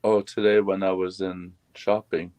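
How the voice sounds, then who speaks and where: A man's voice: low-pitched, level tone, normal speed, darkish tone, clear, resonant tone, dry recording. A man in casual chat, laid-back and mostly giving short replies.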